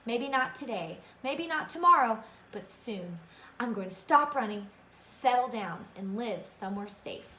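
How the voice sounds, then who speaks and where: A woman voicing a wary young boy on the run, who talks quietly and hesitantly. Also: a little high, expressive, unhurried, reverberant, slight background noise.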